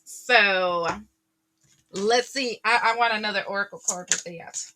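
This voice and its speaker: A woman giving a casual tarot reading to her viewers, chatty and animated, often laughing and exclaiming. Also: medium pitch, a little slow, a little hiss or hum. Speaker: tarot reader.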